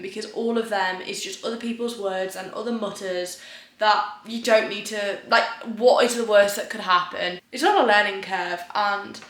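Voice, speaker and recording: A woman's voice: mid-range voice, fairly bright tone, no room sound. A young woman with a British accent, chatting casually to camera in a rambling, self-deprecating way. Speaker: vlogger. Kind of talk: casual vlog chat to camera.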